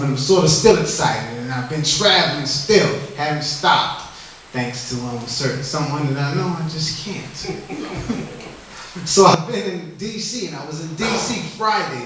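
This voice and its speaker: A man from the area, doing a rambling, self-deprecating stand-up set at an open mic. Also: on the high side. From Boston area. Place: small lounge bar. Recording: echoey room from far off, faint noise.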